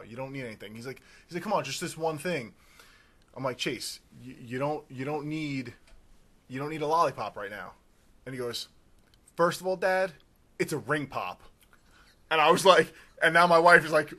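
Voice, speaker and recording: A man in his thirties co-hosting a casual podcast, telling stories loudly and swearing freely. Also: mid-range voice. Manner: loud animated storytelling, swearing. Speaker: podcast co-host.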